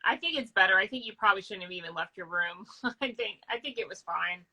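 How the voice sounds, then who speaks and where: A woman's voice: medium pitch, expressive, fast, pushed and bright, rough recording. A woman casually chatting on a video call, talking loosely with lots of "I think" and "like". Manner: chatty, says "like" and "I think" a lot. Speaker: co-host of a live reading. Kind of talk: casual chat.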